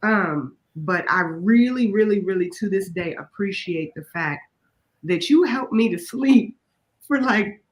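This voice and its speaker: Host, woman, middle pitch, earnest and unhurried, casual talk with old friends. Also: animated, poor audio. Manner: earnest, drawn-out, then breezy.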